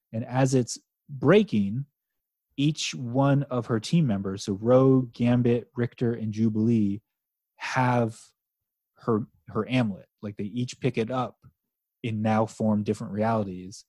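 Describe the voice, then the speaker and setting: A man's voice: medium pitch, unhurried, dry recording. A man co-hosting a podcast, chatting animatedly about comics with lots of swearing and false starts. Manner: animated, swearing, trailing restarts. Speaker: podcast co-host. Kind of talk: casual chat about comics.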